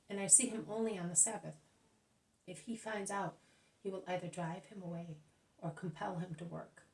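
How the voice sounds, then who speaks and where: A woman's voice: lowish voice, darkish tone, distant mic, natural voice. A woman voicing a poor, elderly male peasant, a grandfather who pleads in a tearful way, in a spoken religious audiobook. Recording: echoey room, voice off-mic.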